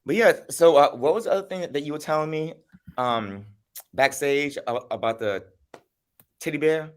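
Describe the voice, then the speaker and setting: A man hosting a casual livestream chat, telling stories in an animated way. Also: fairly high pitch, moderate pace, clear, resonant tone. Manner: animated storyteller. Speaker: host.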